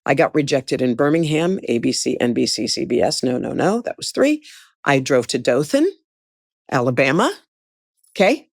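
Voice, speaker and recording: A middle-aged woman from the United States, a guest telling a story in conversation, animated and acting out the people in it. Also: very deep voice, normal speed, no echo, studio quality.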